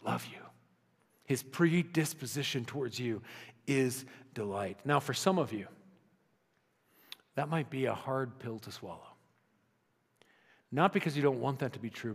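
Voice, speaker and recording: A man preaching a sermon in a conversational style, often dropping to soft, intimate tones. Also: medium pitch, breathy edge. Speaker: pastor. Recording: long reverb of a large hall.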